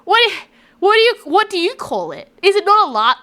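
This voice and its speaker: A woman's voice: extremely high pitch, sing-song, moderate pace, bright, forceful tone. A woman with an Australian accent chatting casually with her live-stream viewers, rambling and reacting to chat.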